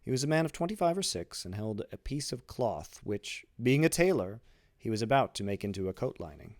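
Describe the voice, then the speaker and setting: A man reading a classic novel aloud in an expressive, animated way. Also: fairly low pitch, a little fast, no echo, clean studio sound. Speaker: reader, esports personality.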